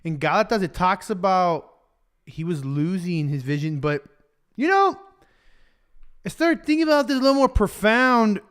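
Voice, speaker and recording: A man's voice: high voice, expressive, normal speed, fairly bright tone, smooth. A young man preaching casually on a livestream, switching between English and Spanish and joking along the way. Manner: chatty, joking, loose with fillers.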